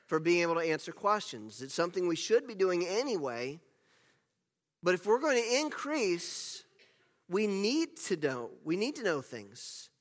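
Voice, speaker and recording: Male pastor, middle-aged, high voice, emphatic sermon delivery, long hall reverb. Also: bright, forceful tone. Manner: earnest, emphatic preaching with self-deprecating asides.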